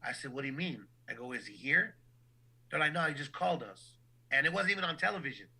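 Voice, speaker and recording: A man's voice: on the high side, animated, fast, bright, forceful tone, slightly rough, poor audio. A man who works as a boxing ring announcer, talking casually and animatedly in an interview, often repeating words as he starts a thought.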